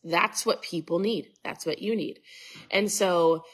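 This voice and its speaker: With a lowish voice and measured pace, a middle-aged host from Minnesota chats casually on her live stream. She greets viewers by name, strays into side comments, and her nose is stuffed up.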